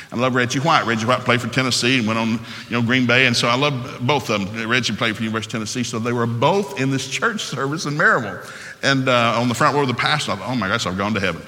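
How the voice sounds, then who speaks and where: Folksy preacher in a hall. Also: male voice, medium pitch, sharp tone, slight background noise. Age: middle-aged. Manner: folksy, acts out family dialogue. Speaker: pastor. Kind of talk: sermon with storytelling.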